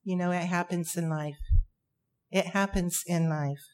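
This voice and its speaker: A woman preaching a sermon, emphatic, with dramatic pauses and repeated phrases. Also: lowish voice, steady tone, a little mellow.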